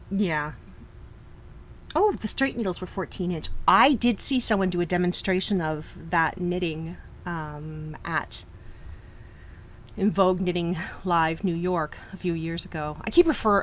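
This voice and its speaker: A woman's voice: on the low side, fairly bright tone, a little hiss or hum, poor audio. A middle-aged woman hosting a live knitting stream, chatting casually, reacting to viewers and laughing often. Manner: chatty, reacts to chat, frequent restarts and laughs.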